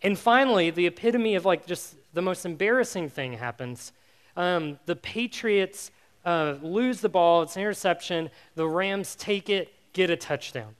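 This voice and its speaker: A man giving a youth sermon, telling a personal story in an animated, self-mocking way with many fillers before turning to faith. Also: high-pitched, moderate pace, smooth. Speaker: youth pastor.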